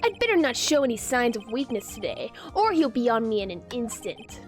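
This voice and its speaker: A nervous young male defense attorney, played by a woman in her own high, lively voice. He hesitates and stumbles over his words. Faint music plays underneath. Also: brisk.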